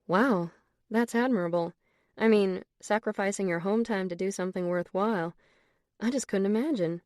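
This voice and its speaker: A woman voicing a young woman on a date, speaking softly and sweetly with a coy manner. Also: mid-range voice, normal speed, no room sound, studio quality, natural voice. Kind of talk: audiobook character voice.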